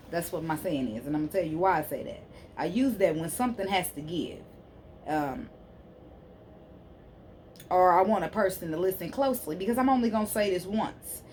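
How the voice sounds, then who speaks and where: A woman with a fairly low voice reads cards for her viewers in a loose, chatty way. She talks bluntly and with sass, and she keeps tacking "okay?" onto her points. A faint hiss sits under the recording. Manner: emphatic, keeps checking in with "okay?"; blunt, sassy straight talk. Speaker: spiritual card reader. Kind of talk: casual tarot reading to camera.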